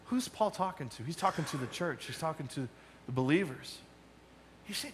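A male pastor preaching a sermon, emphatic, moving between loud challenges and quiet asides. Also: sits high, expressive, normal speed.

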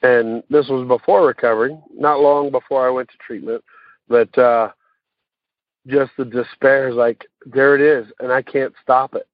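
Male speaker, mid-pitched, halting personal share; phone-line audio, dry. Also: fairly even intonation, no echo. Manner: halting, many fillers and restarts. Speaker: recovery meeting speaker. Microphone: phone call.

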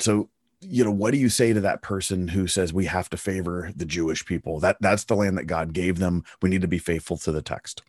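Man, very low husky voice, thoughtful co-host who asks the questions, dry close recording. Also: a little fast, dry recording. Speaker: podcast co-host. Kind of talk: casual conversation, asking questions.

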